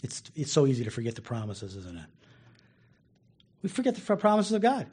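A male pastor delivers a relaxed, conversational sermon. His voice sits a little high and swings widely in pitch, and he repeats words as he pushes through his points. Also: a little fast, husky. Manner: lively and conversational, laughing and repeating words as he goes.

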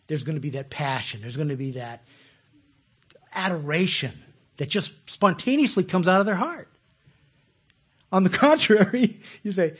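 Husky-voiced man preaching a lively sermon. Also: on the high side, moderate pace. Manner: conversational, animated, laughs often; repeats words when starting sentences. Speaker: pastor.

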